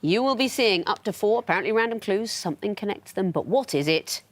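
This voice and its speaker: A woman's voice: medium pitch, animated, brisk, noisy background. A woman hosting a TV quiz in a studio, with a dry, teasing wit. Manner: dry, witty, lightly teasing. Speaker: quiz show host.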